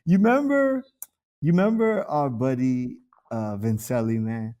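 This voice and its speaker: A man's voice: mid-range voice, measured pace, mellow, dull audio. A man co-hosting a casual podcast chat, loose and profane, laughing often and acting out the people in his stories. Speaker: podcast co-host.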